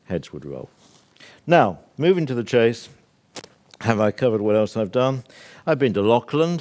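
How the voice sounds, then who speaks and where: A man's voice: sits low, a little mellow. An older British man giving a public talk to a live audience, assertive and discursive, with many fillers and asides. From Britain. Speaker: speaker at a workshop.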